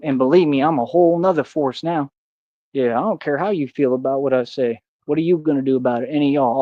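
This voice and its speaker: A man's voice: fairly high pitch, darkish tone, no room sound. A man ranting defiantly in a boastful monologue, full of street slang and taunts aimed at his critics. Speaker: streamer. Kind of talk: confrontational monologue. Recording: dull dry sound.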